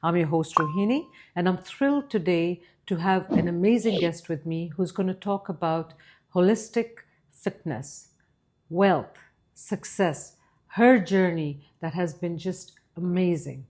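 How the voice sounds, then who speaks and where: A woman's voice: on the low side, measured pace, darkish tone. A woman hosting a podcast interview, asking encouraging questions of her guest. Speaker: podcast host.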